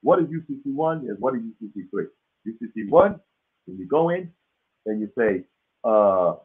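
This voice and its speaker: A man's voice: lowish voice, animated, normal speed, husky. A man hosting a live business webinar in a casual, folksy, emphatic way, often checking in with his listeners, his throat dry. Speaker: webinar host teaching business credit. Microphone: webinar call audio. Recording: tinny phone-like webinar audio.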